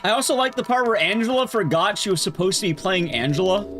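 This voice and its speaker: A man streaming, recapping a film in a casual, sarcastic and animated way. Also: high-pitched, quick pace. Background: background music.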